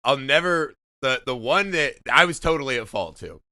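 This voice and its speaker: A man in his thirties from Indiana, co-hosting a podcast and telling a story in animated, profane casual chat. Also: medium pitch, moderate pace, no echo, studio quality. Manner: animated storytelling, heavy swearing, laughing. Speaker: podcast co-host.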